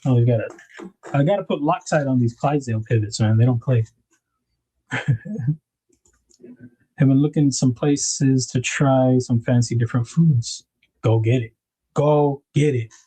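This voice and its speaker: Laid-back man, mellow voice. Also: mid-range voice, measured pace, long pauses, husky. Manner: rambling, laid-back, greets viewers in chat by name. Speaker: livestream host and knife designer. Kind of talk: casual livestream chat.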